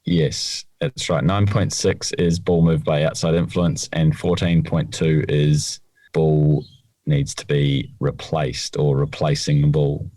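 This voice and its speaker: Low-voiced man explaining rules. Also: little pitch movement, slow, mellow, dry recording. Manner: plain, explanatory. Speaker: podcast co-host, rules expert. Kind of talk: casual chat.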